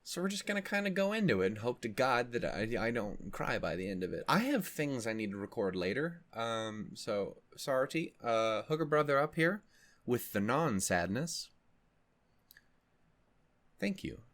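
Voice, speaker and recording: A man's voice: mid-range voice, very animated, moderate pace, fairly bright tone. A man hosting a reaction video in casual chat, rambling and joking, swearing freely with many fillers and restarts.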